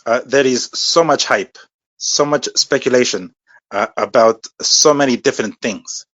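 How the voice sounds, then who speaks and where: A man doing an impression of an older boxing executive with a put-on Spanish accent, speaking in halting, over-enunciated broken English. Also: mid-range voice, fairly bright tone, highs cut off. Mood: formal.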